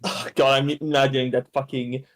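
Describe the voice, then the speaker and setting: A man's voice: mid-range voice, little pitch movement. A man playing a tabletop game, talking casually and laughing. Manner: slow, drawling, laughing. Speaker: player.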